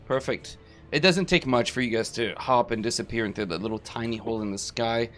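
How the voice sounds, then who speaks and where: A man's voice: medium pitch, a little fast, faint music behind. A man running a tabletop game as game master, describing the scene vividly.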